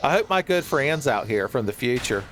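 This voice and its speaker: A man's voice: medium pitch, sing-song, moderate pace, a bit bright. A man giving joking, rambling commentary while he plays a horror game, often laughing at his own jokes. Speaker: streamer playing a horror game.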